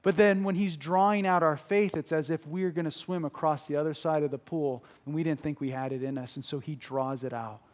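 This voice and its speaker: Higher-voiced man preaching an earnest sermon. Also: steady tone, a little fast, hardly any pauses. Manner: earnest, emphatic preaching with repeated phrases.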